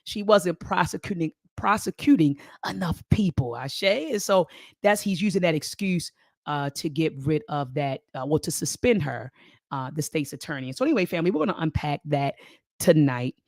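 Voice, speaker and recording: A middle-aged woman hosting a live-stream commentary show, talking to her viewers as family, lively and repeating her phrases. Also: low-pitched, normal speed, no room sound, studio quality. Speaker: host.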